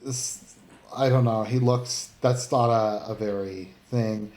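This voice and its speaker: A man's voice: on the low side, steady tone, takes it slowly, darkish tone. A man giving casual commentary online, rambling and blunt, with many fillers and some swearing. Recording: roomy, echoey room.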